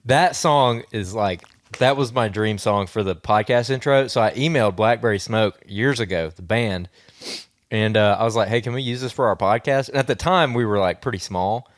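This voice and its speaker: A man's voice: on the low side, normal speed, dry recording, clean studio sound. A man co-hosting an outdoors podcast, telling stories in a laid-back, jokey way. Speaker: podcast co-host. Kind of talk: casual chat.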